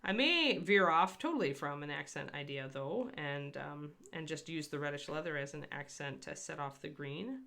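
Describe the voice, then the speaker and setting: Woman host, low voice with vocal fry; rambling chatty painting demo, talks to chat. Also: animated, moderate pace, hardly any pauses, pushed and bright. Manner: chatty and rambling, answers live chat by name. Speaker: miniature painter hosting a livestream. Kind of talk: casual painting demonstration.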